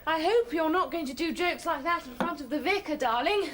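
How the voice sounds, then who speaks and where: A shrill nagging sitcom wife. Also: female voice, animated, brisk. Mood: fussing. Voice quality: shrill, sing-song, ends every line with darling. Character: shrill nagging sitcom housewife, middle-aged. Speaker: sketch comedy performer. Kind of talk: sketch comedy parody acting. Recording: hissy old TV studio tape.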